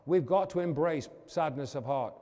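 A man preaching a sermon as pastor, fervent, calling out to the congregation and swinging from loud declarations to hushed asides. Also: on the high side, moderate pace, long reverb tail. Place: church.

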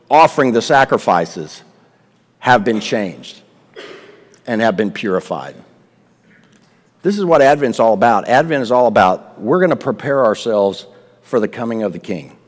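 Pastor guy preaching, keeps asking the church questions, big hall echo. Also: medium pitch. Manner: emphatic, questioning the congregation. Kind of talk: sermon.

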